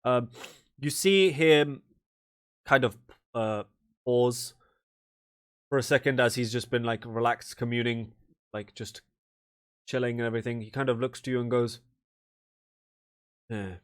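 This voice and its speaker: A male game master narrates a tabletop role-playing game in a loose, casual way. His pitch sits in the middle range, and he often pauses on fillers. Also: fairly even intonation, clear, resonant tone.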